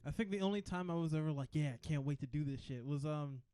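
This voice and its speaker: A laid-back young man chats on a podcast and tells easygoing stories. His voice sits a little high and sounds smooth and clear. He is recorded close and dry. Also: fast talker, dark tone, no echo. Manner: laughs easily, laid-back storytelling. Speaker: podcast co-host. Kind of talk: casual chat.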